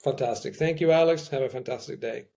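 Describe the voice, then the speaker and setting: Guy with a breathy husky voice, modest, hedges a lot, casual interview chat. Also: mid-range voice, fast, warm tone. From Italy. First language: Italian. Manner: thoughtful, hedging, self-deprecating. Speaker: guest, language learner.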